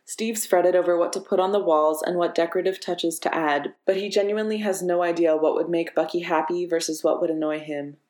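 A woman narrating a story in a steady, measured reading voice. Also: fairly low pitch. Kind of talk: audiobook narration of fiction. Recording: echoey room.

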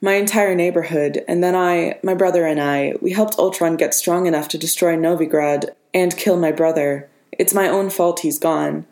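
A woman voicing a guilt-ridden young woman with powers who speaks flatly and bitterly in an audiobook reading. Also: on the low side, normal speed, hardly any pauses, natural voice. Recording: roomy reverberant room.

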